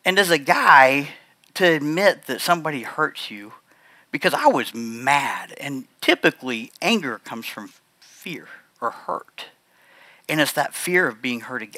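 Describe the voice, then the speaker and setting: Earnest man with a bright, forceful voice. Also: mid-range voice, animated, dry recording. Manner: earnest, heartfelt, confessional; halting, with frequent restarts. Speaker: church speaker sharing a testimony. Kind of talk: personal testimony to a congregation.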